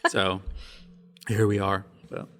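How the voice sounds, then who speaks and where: A man's voice: fairly low pitch, huge pitch swings, extremely slow, a bit bright. A man hosting a book podcast, chatting casually and laughing often. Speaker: podcast host.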